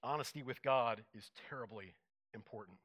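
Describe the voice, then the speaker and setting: A man's voice: medium pitch, moderate pace, dull audio. A man preaching a conversational sermon to a congregation, often asking them questions.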